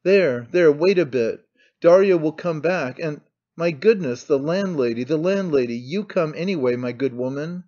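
A domineering aging noblewoman, put on by a male audiobook reader, all scolding commands and sharp outbursts. The voice sits a little high and comes through a dull, lo-fi recording. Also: normal speed, close to an everyday voice. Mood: frantic.

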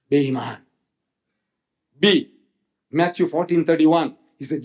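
Delivering a public religious lecture, a South African man speaks at a moderate pace in a slightly high, animated voice. He's emphatic, repeats phrases for effect, and quotes scripture dramatically.

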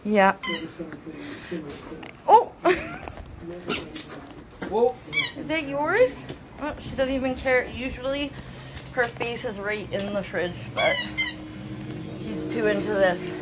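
A woman's voice: on the high side, very animated, very slow, pauses often, very noisy. A young woman at home filming her dog, chatting and cooing at it in a sing-song pet voice and laughing often. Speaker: dog owner vlogger. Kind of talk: casual home video narration. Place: home, indoors.

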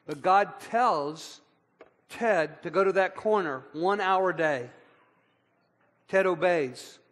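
A man's voice: high voice, takes it slowly, fairly bright tone. A man, a pastor interviewing a guest in church, earnest and summarizing. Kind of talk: conversational interview. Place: church hall. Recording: church hall with long reverb.

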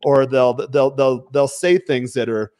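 A man in easy livestream conversation, blunt and emphatic, who lets a swear word slip now and then. His voice sits at an ordinary middle pitch. The sound is dry and close, with no room echo. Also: fairly even intonation, a little slow, a little mellow. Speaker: podcast host. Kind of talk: casual livestream chat. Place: home.

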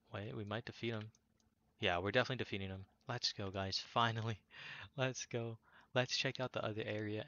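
Young man, gaming commentary, rambling, lots of fillers, upbeat, bright, slightly low voice, dull lo-fi audio. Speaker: gaming YouTuber. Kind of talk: casual gameplay commentary.

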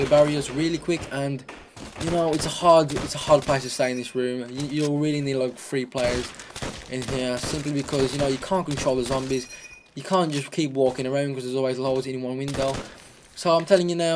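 A man's voice: on the high side, background noise. A young man giving casual, rambling gameplay commentary, often repeating words and restarting his sentences. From Britain. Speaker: gaming commentator.

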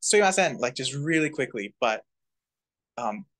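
Man, mid-pitched, casual class teacher, chuckles, demonstrates sounds. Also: normal speed, a crowd in the background. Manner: relaxed, chuckling, many fillers, demonstrates pronunciation. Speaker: Japanese language teacher.

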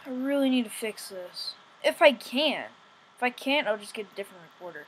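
A young woman giving rambling, excitable let's-play commentary, often whining, recorded on a poor home setup. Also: fairly high pitch, a little fast, a little hiss or hum. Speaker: gamer.

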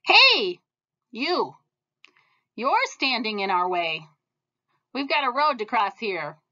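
A woman voicing a troop of rowdy, excitable ants in a storybook read-aloud, with a squeaky, quick delivery. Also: muffled recording, heavily acted.

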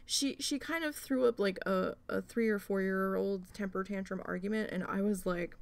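A woman's voice: medium pitch, moderate pace, gravelly. A woman vlogger casually telling an exasperated story as she crafts, swearing often and restarting her sentences.

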